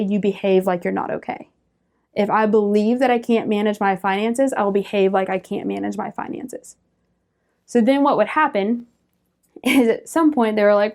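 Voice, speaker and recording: A young woman telling a personal story as a guest on a faith-based round table, lively, with laughs and quoted voices. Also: fairly high pitch. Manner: animated storyteller, laughs often, acts out quoted speech.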